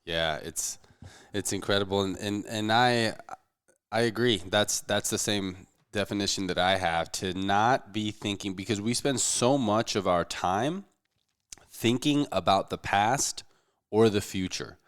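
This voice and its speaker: Podcast cohost guy, real low voice, high energy and wound up. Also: a little slow, a bit bright, clean tone. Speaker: podcast co-host. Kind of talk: casual chat.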